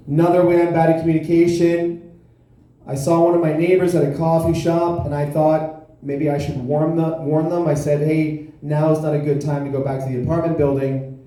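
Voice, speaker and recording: A man from South Florida performing a deadpan, self-deprecating stand-up comedy set on a club stage into a handheld mic. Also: fairly high pitch. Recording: echoey club room.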